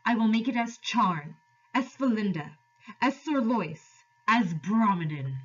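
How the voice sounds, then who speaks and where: A woman's voice: mid-range voice, lively intonation, a little slow, slightly rough, recorded from a distance, dull audio. A woman voicing a cruel, proud witch queen who speaks in a ringing, scornful, threatening tone. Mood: scornful threat.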